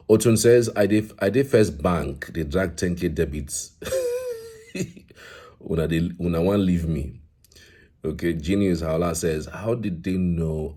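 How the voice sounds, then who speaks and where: A man with a very deep, husky voice, talking casually as a commentator. He reads viewers' comments aloud, laughs along with them and adds his own remarks. His tone is dark and mellow throughout. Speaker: commentator reading social media reactions.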